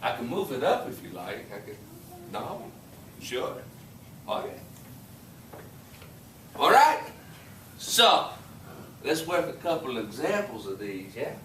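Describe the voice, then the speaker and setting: A man teaching a high school chemistry class, joking and teasing his students as he explains. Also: very animated, slow, long pauses, fairly bright tone, slight background noise. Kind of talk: classroom lecture. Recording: echoey classroom from a distance.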